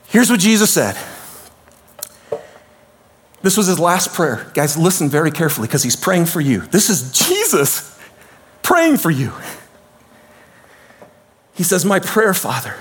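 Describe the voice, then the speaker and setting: Guy preaching, kinda high voice, jumps loud then goes real quiet. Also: measured pace, long pauses, husky. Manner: animated preaching, swinging from shouts to hushed tones. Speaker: pastor. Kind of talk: sermon.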